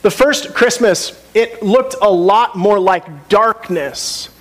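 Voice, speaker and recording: A man's voice: high voice, slow pace. A man preaching a sermon in a conversational way, asking the congregation questions and often restarting his sentences. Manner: conversational, with frequent restarts and asides. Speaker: pastor.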